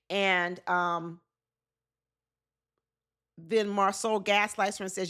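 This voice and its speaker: A woman's voice: mid-range voice, fairly even intonation, slow, long pauses, pushed and bright, clean tone. A woman giving casual, opinionated commentary on a reality show, often acting out what the cast members said.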